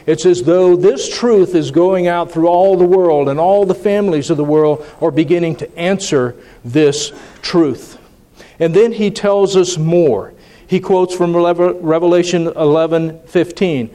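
A man's voice: a little high, normal speed, warm tone. A man preaching a sermon, dropping to a near whisper for emphasis and then rising to emphatic declarations. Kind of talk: sermon on sacred music.

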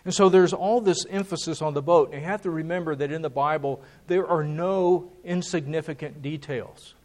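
A man's voice: a little high, normal speed, darkish tone. A man preaching a sermon, emphatic and repeating key words for stress.

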